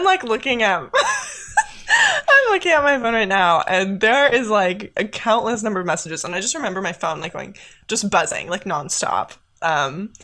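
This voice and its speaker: A woman co-hosts a casual podcast and tells a story with lots of laughter. Her voice is bright and sits at a medium pitch. She keeps the telling animated. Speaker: podcast co-host. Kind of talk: casual chat.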